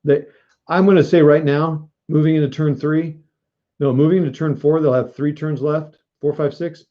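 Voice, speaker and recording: Over a muffled recording, a man with a fairly high pitch speaks steadily at a normal speed. He's streaming a board wargame live, keeping things jokey and self-deprecating while he talks to chat.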